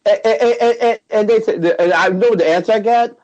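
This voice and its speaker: A man's voice: high voice, a little fast, a little mellow, highs cut off. A man hosting a casual podcast chat, rambling with many restarts and frequent laughter. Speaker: podcast host.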